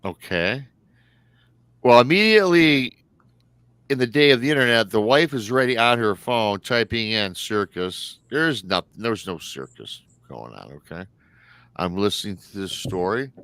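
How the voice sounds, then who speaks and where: A man's voice: fairly low pitch, very animated, moderate pace, a bit bright, dry recording. A man from Michigan hosting a livestream show, retelling a story in a chatty, colloquial way and often saying "he goes.". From Michigan, United States. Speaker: livestream host.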